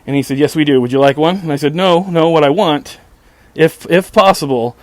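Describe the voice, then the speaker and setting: A man's voice: fairly high pitch, a little fast, hardly any pauses, no room sound. A man hosting his own show, telling a story in a sarcastic, exasperated and profane way, often restarting his sentences. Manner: repetitive stammering restarts. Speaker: podcast host. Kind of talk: casual storytelling monologue.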